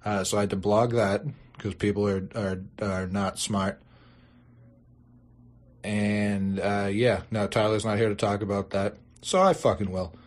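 A young man hosting a sports podcast, ranting and swearing, his voice jumping high when outraged. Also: level tone, unhurried. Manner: exasperated, swearing, bursts into high-pitched outrage. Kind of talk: profane ranting podcast intro.

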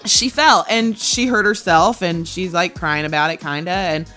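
A woman's voice: on the low side, moderate pace, pushed and bright, soft background music. A woman co-hosting a casual podcast chat, telling stories bluntly and with plenty of swearing, punctuated by quoted outbursts. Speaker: podcast co-host.

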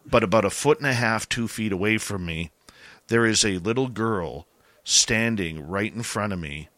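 Middle-aged man, low forceful voice, dry close sound; animated storyteller for a ghost tale. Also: moderate pace, no room sound. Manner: animated, rising and louder at the scary parts. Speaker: podcast guest telling a ghost story. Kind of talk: casual storytelling.

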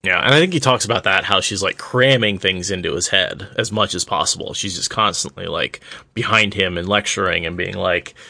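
Gravelly, bright-toned man on a phone. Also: sits low, a little fast, hardly any pauses, no echo. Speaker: podcast co-host. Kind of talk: casual book discussion.

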